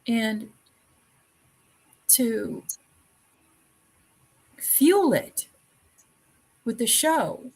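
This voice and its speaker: A woman's voice: fairly high pitch, slightly rough, rough recording. A woman hosting a talk show, speaking earnestly with repeated phrases and many fillers. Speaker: podcast host. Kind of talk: conversational talk show chat.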